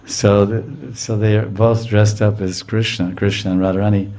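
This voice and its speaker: A low-voiced man gives a religious lecture in storytelling form. He acts out the figures and keeps checking that his listeners follow. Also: little pitch movement, moderate pace, hardly any pauses, a little mellow. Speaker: spiritual teacher.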